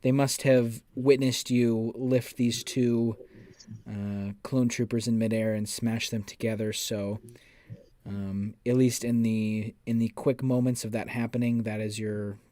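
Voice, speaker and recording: A man narrating a tabletop role-playing game as game master, describing scenes to the players in a measured second-person voice. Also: medium pitch, flat delivery, dark tone, no room sound, clean studio sound.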